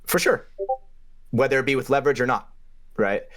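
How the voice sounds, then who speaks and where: A young man co-hosting a podcast, telling a game story in a casual, profane way, with his voice jumping up in pitch for emphasis. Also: fairly quick, a bit bright. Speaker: podcast co-host and paintball player.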